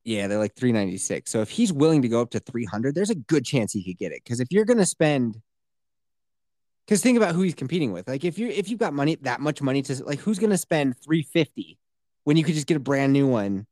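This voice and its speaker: A man in his thirties co-hosting a casual podcast, animated and swearing, putting on voices when he quotes things. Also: medium pitch, fast talker, no room sound, clean studio sound. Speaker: podcast co-host. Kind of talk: casual chat.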